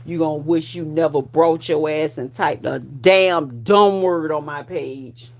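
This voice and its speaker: A woman in her forties rants straight at her online audience, swearing freely and daring anyone to argue. Her voice sits a bit low and has a gravelly, fry-laden edge. She talks like she is picking a fight and enjoying it. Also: measured pace. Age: 40s. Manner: profane, confrontational, loud bursts of laughter. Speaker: vlogger. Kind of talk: ranting commentary to viewers.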